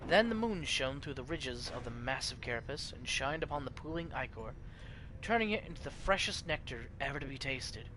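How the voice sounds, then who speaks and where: A male streamer reading game text aloud in a stately, measured narrating manner, over game music. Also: medium pitch, lively intonation, noisy background.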